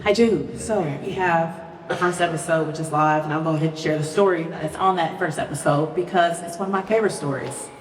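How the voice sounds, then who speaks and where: A woman's voice: low-pitched, a little fast, recorded from a distance, a little hiss or hum. A woman speaking as a guest and telling a folksy story to a live audience. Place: stage at a live show in a large venue. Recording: echoey hall, voice from afar.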